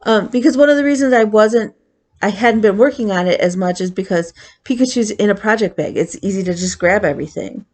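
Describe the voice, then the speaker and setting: A woman's voice: medium pitch, brisk, darkish tone. A woman chatting casually on her cross-stitch vlog, rambling with fillers as she tells a story.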